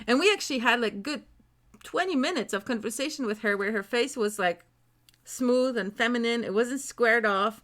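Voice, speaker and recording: A woman's voice: on the high side, normal speed. A woman chatting casually and telling stories with lots of laughter. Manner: laughs often, animated storytelling. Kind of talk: casual chat.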